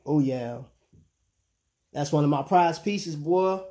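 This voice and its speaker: His voice is on the high side and mellow, and he takes a slow pace as he runs a casual live stream. Chatting with viewers in easygoing slang, he says "man" and "bro" in most lines.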